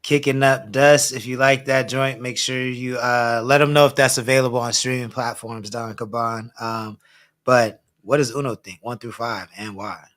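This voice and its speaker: A man's voice: medium pitch, fairly even intonation, moderate pace, fairly bright tone. A man hosting a casual music review livestream, laid-back and laughing often, swearing freely and reading viewer comments aloud. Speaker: host of a music review stream.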